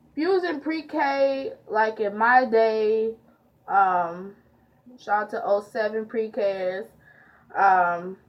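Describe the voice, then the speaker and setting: A teenage girl telling a storytime vlog, chatty and full of fillers as she retells it. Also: on the high side. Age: teens. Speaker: vlogger. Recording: dull lo-fi audio.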